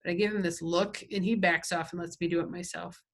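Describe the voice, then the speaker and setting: A woman's voice: on the low side, steady tone, a little fast. A woman teacher at home reading a novel aloud, with casual asides that check in with her listeners.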